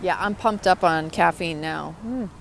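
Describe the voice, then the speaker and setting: A woman's voice: on the low side, a little slow, gravelly, a little hiss or hum. A woman talking to her viewers in a motivational vlog, upbeat and chatty. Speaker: vlogger. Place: outdoors.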